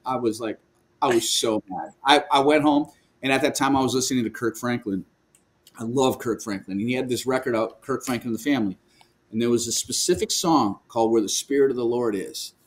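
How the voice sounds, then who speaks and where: A man speaking as a guest in a remote video call interview, telling a personal story with lively energy, frequent laughs and restarts. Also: mid-range voice, brisk. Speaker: guest, worship leader. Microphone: video call microphone.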